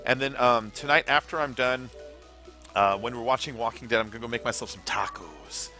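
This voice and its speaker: A man's voice: medium pitch, brisk, pushed and bright, faint music behind. A young man hosting a casual gaming livestream, rambling, swearing freely and answering chat as he plays.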